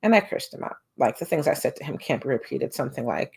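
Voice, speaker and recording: Low gravelly woman telling a story. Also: fast, few pauses. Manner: animated, acts out quotes with big pitch jumps. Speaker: homeschooling mom vlogger. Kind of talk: casual storytelling to camera.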